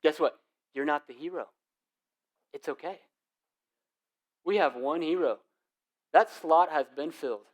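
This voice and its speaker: A young man preaching from the pulpit, his voice sitting a little higher than most men's. He tells stories with casual slang, swinging between loud bursts and quiet, hushed moments. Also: measured pace, pauses often. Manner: animated storytelling with casual slang. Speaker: lead pastor. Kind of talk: sermon.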